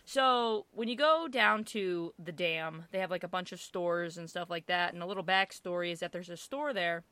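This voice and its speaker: A woman casually telling a family story, animated and full of fillers, with bursts of swearing. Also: fairly low pitch, moderate pace, no room sound. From Italian-American family. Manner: animated, lots of fillers, swears, acts out quotes loudly.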